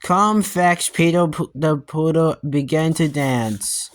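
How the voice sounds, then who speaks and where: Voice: mid-range voice, takes it slowly, slight background noise. A young reader stumbling and restarting while reading a children's book aloud. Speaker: storybook reader.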